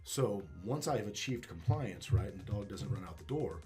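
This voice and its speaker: A man's voice: lowish voice, lively intonation, normal speed, mellow, soft background music. A man speaking as a dog trainer being interviewed, talking casually and emphatically, swearing and repeating words as he restarts.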